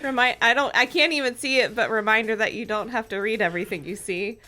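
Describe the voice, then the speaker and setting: A woman co-hosting a comedy podcast, chiming in with quick banter and reactions. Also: a little high, over music. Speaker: podcast co-host. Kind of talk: casual comedic chat.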